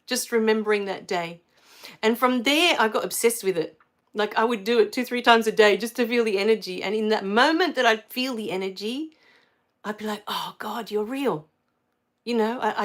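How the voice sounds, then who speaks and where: A middle-aged Australian woman hosting a spiritual livestream, telling a personal story in a warm, effusive way that rises to excited exclamations. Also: medium pitch.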